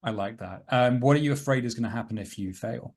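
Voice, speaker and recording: A man narrating as game master of a tabletop game, describing scenes in a slow, dramatic way. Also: mid-range voice, darkish tone.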